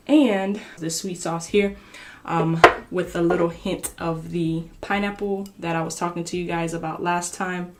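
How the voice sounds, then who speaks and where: A woman hosting an eating show, chatting casually to the camera and pausing to taste and murmur between bites. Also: lowish voice. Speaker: mukbang host.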